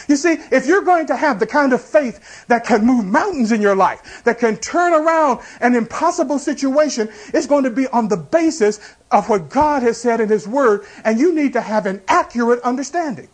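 Pastor, male, high-pitched voice, preaches with rhetorical questions and everyday illustrations. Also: animated, moderate pace. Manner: preaching with rhetorical questions and congregation call-outs. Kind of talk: sermon.

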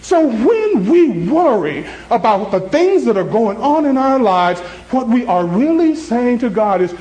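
Guy preaching a sermon, pretty high voice, goes from worked up to real soft, does little voices for his stories. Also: unhurried, hardly any pauses, reverberant, rough recording. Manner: animated preaching, swinging between high excited and low soft tones. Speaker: pastor.

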